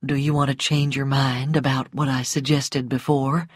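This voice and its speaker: A woman voicing a self-assured, mocking grown man in a storybook reading, speaking calmly in a low, quiet murmur. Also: moderate pace, breathy edge, no echo, studio quality. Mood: tender. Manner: calm, low and teasing, dropping to a murmur.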